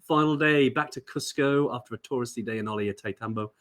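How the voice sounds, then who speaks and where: A man hosts a casual live chat at a middle pitch. He talks loosely with plenty of ums and restarts, and he greets viewers by reading their comments aloud. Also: fairly quick, fairly bright tone. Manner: chatty, reads viewer comments aloud, many fillers. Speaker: live show host.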